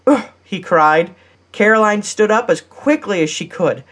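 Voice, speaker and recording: A woman's voice: mid-range voice, measured pace. Woman narrating an audiobook steadily. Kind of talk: scripted narration.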